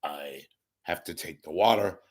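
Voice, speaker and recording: A hoarse man delivering a sarcastic ranting monologue as a commentator. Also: low-pitched, measured pace.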